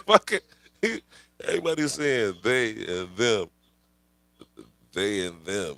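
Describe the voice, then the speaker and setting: A man's voice: fairly low pitch, sing-song, takes it slowly, gravelly, pauses often, fairly bright tone, dry recording. A man hosting his own livestream, ranting casually with rambling, profane slang and frequent laughter. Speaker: livestream host. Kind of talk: casual live-stream rant.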